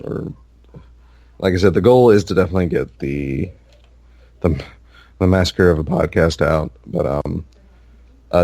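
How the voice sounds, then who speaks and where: A man with a deep, gravelly voice co-hosts a casual gaming podcast. He rambles with plenty of fillers and restarts. His close mic sounds dry and dead. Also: darkish tone, dry recording. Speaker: podcast co-host.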